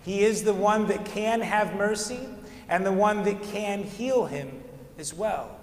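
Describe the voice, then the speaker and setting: A middle-aged man, an Orthodox priest, giving a calm, conversational sermon with storytelling. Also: high voice, unhurried. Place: church. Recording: echoey church hall.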